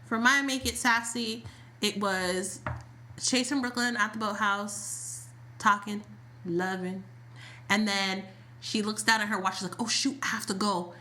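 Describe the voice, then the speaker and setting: Woman co-host, bright crisp voice, animated storyteller who acts out lines. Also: mid-range voice, a little slow, a little hiss or hum. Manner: animated, acts out quotes, uses "like" a lot. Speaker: podcast co-host. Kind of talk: casual chat about a soap opera.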